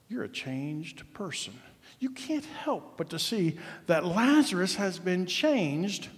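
A man preaching a sermon as pastor, telling the story conversationally, moving from sudden shouts to hushed asides. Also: high voice. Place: church sanctuary. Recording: long church hall reverb.

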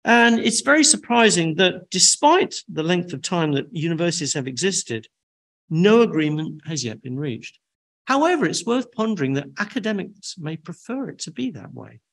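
An older man giving an academic lecture in a measured, deliberate way, with dry asides. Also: sits high, sing-song, creaky, fairly bright tone. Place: lecture hall.

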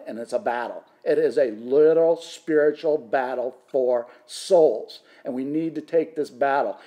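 A man's voice: fairly high pitch, warm tone. A man teaching through a Bible passage in sermon style, impassioned and rising to fervent emphasis, with frequent restarts.

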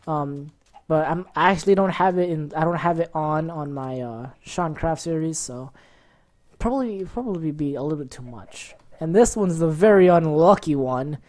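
A woman talks through a game on her own channel in a low-set voice that leaps up and down in pitch. She reacts loudly and excitedly to each event, keeping up casual running commentary. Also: normal speed. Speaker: gaming channel host. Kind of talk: let's-play commentary.

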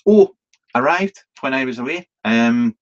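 A man rambles through a casual live Q&A stream, stumbling over restarts and filling pauses with ums. He is chatty and self-deprecating and swears now and then, at a middling pitch. The stream audio sounds dull and lo-fi. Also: lively intonation. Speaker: vlogger hosting a live Q&A.

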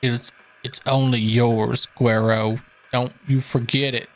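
A man doing a gruff, menacing male boss voice while reading game dialogue aloud. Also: medium pitch, flat delivery, slow pace, soft background music. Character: tough gruff male desert lair boss.

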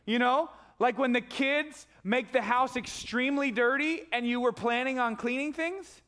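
A male pastor preaching a sermon, telling a story with animated voices and sudden loud, high outbursts. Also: normal speed. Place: church stage.

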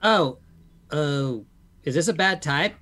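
A man's voice: on the high side, animated, slow, bright, forceful tone, exaggerated voice. A man voicing a timid, nervous monster youth who rambles earnestly as he tries to make friends in a tabletop game. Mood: startled.

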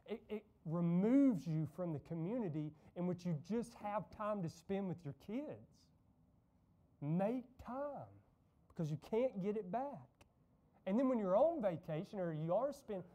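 A man's voice: high-pitched, lively intonation, unhurried, mellow. A man preaching a conversational sermon in a church, telling stories and making casual asides to the congregation. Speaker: pastor. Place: church sanctuary.

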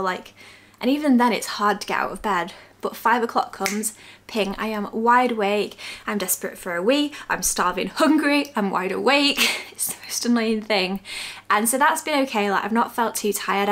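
British woman, young adult, casual vlog chat, slightly breathless, quick chatty delivery. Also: medium pitch, fairly bright tone. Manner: chatty, quick, laughs between sentences. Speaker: vlogger. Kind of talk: casual pregnancy update vlog.

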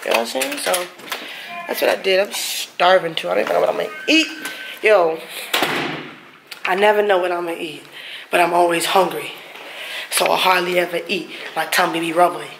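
A woman's voice: on the low side, fairly quick, gravelly, pauses often, reverberant. Slangy woman vlogger, noisy recording. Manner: loose, slangy, swears freely. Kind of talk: casual vlog chat.

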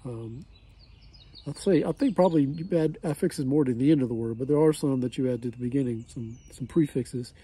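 A man's voice: mid-range voice, a little fast, warm tone, husky. A man chatting casually in a language-learning vlog outdoors, rambling with many fillers. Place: outdoors near a road.

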